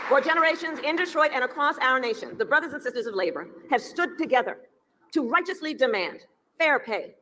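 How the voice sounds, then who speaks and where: A woman's voice: high voice, lively intonation, a little fast. A woman giving a rally speech with a rhythmic, repeated refrain. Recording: loud cheering crowd and noise.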